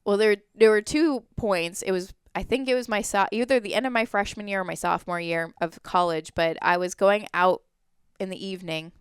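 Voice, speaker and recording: A woman's voice: medium pitch, fairly quick, smooth, no room sound, clean studio sound. A woman in her twenties, a podcast guest, candidly telling a personal story in conversation. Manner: candid, animated, often acts out quoted voices.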